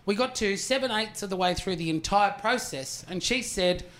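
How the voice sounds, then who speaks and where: An Australian man in his forties performs a stand-up routine with a noticeably high voice for a man. He tells a rambling story, swears freely and keeps turning to the crowd with quick asides. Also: a bit bright. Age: 40s. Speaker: stand-up comedian.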